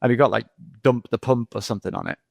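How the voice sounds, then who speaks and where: A man's voice: mid-range voice, fast, creaky, darkish tone, breathy edge, no echo. A middle-aged male geologist talking casually as a podcast guest, rambling through anecdotes with lots of repeats and "you know".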